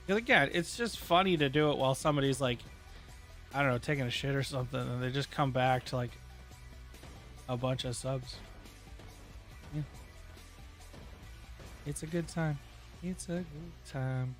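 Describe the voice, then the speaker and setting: A man's voice: medium pitch, moderate pace, long pauses, a bit bright, faint music behind. A man streaming a game live, chatting casually to his viewers in a rambling way, full of joking asides. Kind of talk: casual gaming stream chat.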